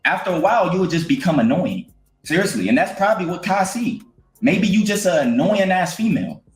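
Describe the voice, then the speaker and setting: Blunt scolding man, high lively voice. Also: fairly quick. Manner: scolding, blunt, street slang. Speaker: online commentator. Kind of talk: blunt commentary. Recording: echoey room with faint music.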